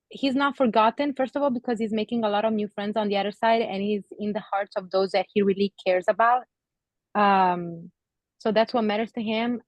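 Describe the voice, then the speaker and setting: Woman, psychic medium, gentle hesitant delivery, lots of fillers, dry close sound. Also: mid-range voice, dry recording, lo-fi sound. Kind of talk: gallery reading to an audience member.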